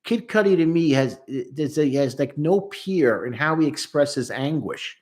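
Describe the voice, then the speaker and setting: Male therapist, slightly high voice, emphatic commentary on song lyrics. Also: lively intonation, moderate pace, a little mellow.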